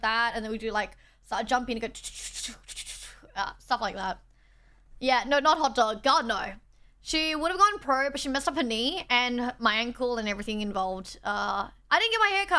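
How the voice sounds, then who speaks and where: A fairly high, pushed and bright female voice belongs to a young Australian streamer. Indoors on a borrowed setup, she reads her chat, chats casually and thanks the people watching.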